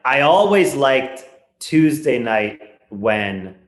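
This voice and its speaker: A man's voice: medium pitch, big pitch swings. Guy rambling thru funny stories, keeps restarting sentences, roomy echo. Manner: rambling anecdotes with quick self-corrections. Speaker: podcast guest, comedy writer. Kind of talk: casual chat.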